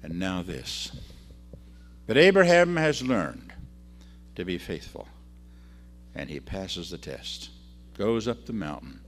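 A man preaching a sermon and reading scripture aloud, swinging between loud emphasis and quiet drops. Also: sits low, big pitch swings, slow pace, pauses often, faint music behind.

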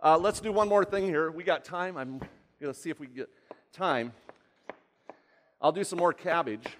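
A man's voice: fairly high pitch, normal speed, fairly bright tone, a little hiss or hum. A man giving a live cooking demonstration, chatty and rambling, often asking the audience questions. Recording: long hall reverb.

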